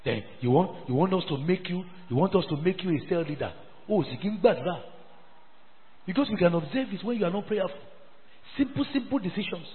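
Emphatic pastor in echoey hall. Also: male voice, high voice, lively intonation, fast, narrow, tinny audio. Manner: emphatic, repeats phrases, scolding. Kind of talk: sermon.

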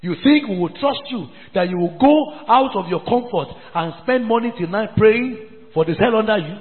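Brief: high, animated preacher, scolding and repetitive, tinny phone-like sound. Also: male voice, moderate pace, long reverb tail. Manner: emphatic, repeats phrases, scolding. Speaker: pastor. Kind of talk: sermon.

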